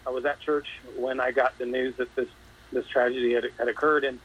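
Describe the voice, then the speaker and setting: A man, a state representative in a live news interview, speaking earnestly and haltingly, still emotional. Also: medium pitch, little pitch movement, breathy edge, highs cut off. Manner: earnest, halting, repeats words.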